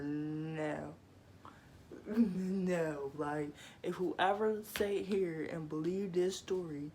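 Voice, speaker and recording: Young woman, casual storytime vlog, slangy and teasing, slow unhurried delivery, slightly low pitch. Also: a little mellow, slight background noise. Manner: slangy, playful, teasing the audience. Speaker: vlogger. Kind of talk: casual storytime monologue to camera.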